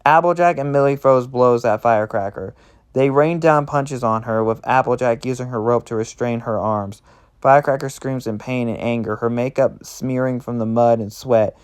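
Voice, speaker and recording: A man narrating a roleplay aloud in a plain, steady reading voice. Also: mid-range voice, normal speed, clear, resonant tone.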